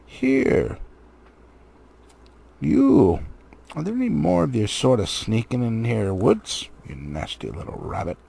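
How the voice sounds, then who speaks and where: A surly troll from a storybook reading, gruff and quick to pick a fight, as a man puts him on. The voice is gravelly and husky, coarse and threatening. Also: medium pitch, big pitch swings, mellow, exaggerated voice. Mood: menacing.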